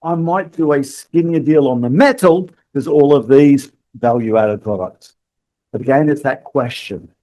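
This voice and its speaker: Warm in tone, medium in pitch, and measured in pace, this man hosts a podcast monologue coaching salespeople. As he goes, he acts out brief lines from both customers and salespeople.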